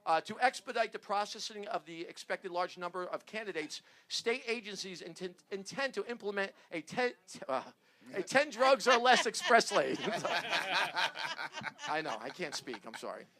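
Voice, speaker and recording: A man hosting a comedy show, reading news jokes to his panel in a rambling, halting way and laughing at his own punchlines. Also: sits high, lively intonation, bright, forceful tone. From New Jersey.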